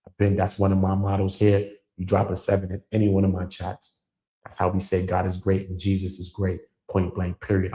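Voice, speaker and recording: A low-voiced man with a gravelly edge talks straight to his livestream viewers. He preaches with emphasis and leans on words like bro and man as he goes. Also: a little mellow. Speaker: channel host. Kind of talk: casual livestream talk.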